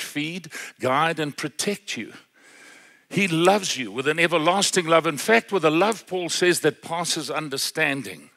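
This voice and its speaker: A middle-aged man preaching a sermon as pastor, fervent and full of hallelujahs, swinging between loud and hushed. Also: fairly high pitch.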